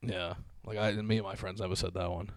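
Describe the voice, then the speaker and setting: A low-voiced man, chatting in a loose, rambling way. He fills his sentences with "like" and laughs as he goes. It is an easygoing podcast-style conversation. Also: flat delivery, fairly quick. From Boston area. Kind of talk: casual chat.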